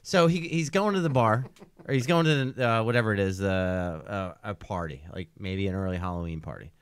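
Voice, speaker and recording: A man's voice: fairly low pitch, fairly quick, clear, resonant tone. A man hosting a podcast, leading loose, joking banter with questions. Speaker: podcast host. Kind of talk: casual chat.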